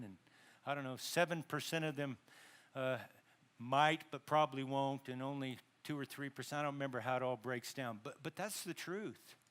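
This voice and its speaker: A man's voice: medium pitch, fairly bright tone. A male pastor preaching a sermon in a conversational way, with asides, self-corrections and dramatized quotes. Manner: dramatizes quotes with rising emphasis.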